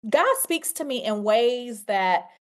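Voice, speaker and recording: A woman's voice: on the high side, animated, slow pace. A woman hosting a podcast, giving a faith testimony and talking straight to her listeners, emphatic and repeating her key phrases like a preacher. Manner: talks straight to listeners, addressing them as y'all. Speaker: podcast host.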